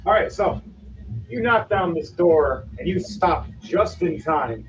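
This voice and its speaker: Guy game mastering, super animated delivery, kinda lo-fi mic with faint hiss. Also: high-pitched, takes it slowly, far from the mic, faint music behind. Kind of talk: narrating a tabletop game.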